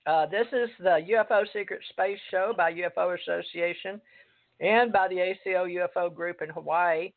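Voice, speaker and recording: A woman's voice: fairly low pitch, steady tone. Rambling woman host on a tinny phone line. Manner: rambling, halting with many fillers. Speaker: radio show host. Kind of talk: casual talk radio.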